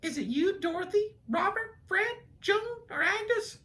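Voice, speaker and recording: A woman voicing a cheerful schoolteacher in a read-aloud storybook, with a high sing-song voice. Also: animated, a little slow, fairly bright tone, heavily acted.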